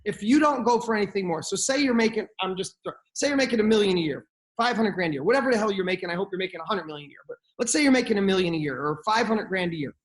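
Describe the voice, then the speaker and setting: A man's voice: high-pitched, lively intonation, rapid-fire. A middle-aged man talking as a podcast guest, giving blunt motivational advice and swearing freely.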